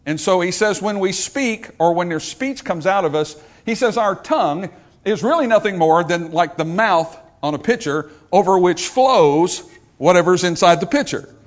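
A man's voice: high voice, animated, normal speed. A male pastor preaching a sermon, joking with the congregation and asking them questions.

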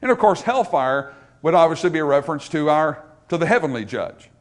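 Pastor guy preaching, kinda high voice, swoops up and down a lot, cracks little jokes as he goes. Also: fairly quick. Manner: animated preaching with joking asides. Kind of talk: sermon.

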